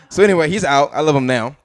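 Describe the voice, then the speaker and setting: A man's voice: fairly high pitch, expressive, brisk. A man performing a stand-up comedy set, telling stories in a laid-back way. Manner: laid-back storytelling with laughs.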